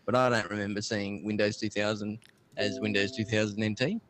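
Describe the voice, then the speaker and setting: A man's voice: on the low side, flat delivery, brisk, background noise. A young man co-hosting a tech podcast, easygoing and full of fillers, reading dates out carefully. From Australia. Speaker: podcast co-host. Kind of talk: casual chat, reading notes.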